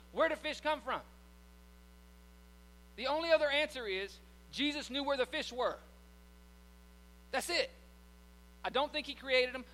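A pastor preaching a sermon in a folksy, joking, conversational way. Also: male voice, very high-pitched, bright, forceful tone, big-room sound, poor audio.

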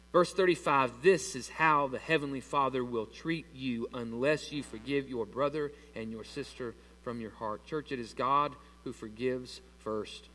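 A man preaching a sermon to his church, animated and asking the congregation questions as he reads through scripture. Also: on the high side. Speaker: pastor. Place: church sanctuary. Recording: long reverb of a large hall.

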